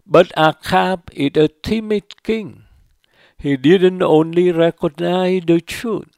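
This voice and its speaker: Slow gravelly male preacher reading a homily. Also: fairly high pitch, warm tone, no echo.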